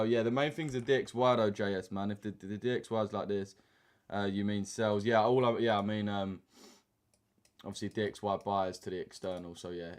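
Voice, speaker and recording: A young man, hosting a trading live stream and chatting casually with viewers in slang while reading the chat aloud. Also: lowish voice. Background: keyboard typing and mouse clicks.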